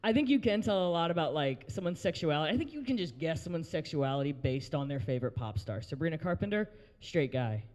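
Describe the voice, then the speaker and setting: A man's voice: a little high, animated, fast talker, hardly any pauses, darkish tone, big-room sound. A young man hosting an open mic, doing a crude stand-up set and working the crowd in a brewery. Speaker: open mic host and comedian. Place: brewery taproom, live audience.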